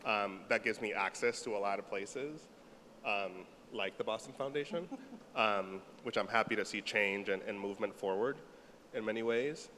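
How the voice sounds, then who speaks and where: A relaxed man with a lowish voice speaks on a panel, joking about himself and pausing on fillers. The sound carries a long hall echo and a faint hiss. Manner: relaxed, self-deprecating, many fillers. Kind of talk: panel remarks. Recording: hall reverb, faint noise.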